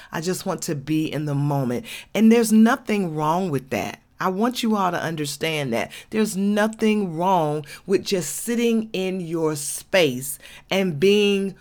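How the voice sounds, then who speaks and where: A woman, hosting an inspirational podcast and talking candidly and folksily straight to her listeners. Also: lowish voice. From Georgia, USA. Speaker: podcast host.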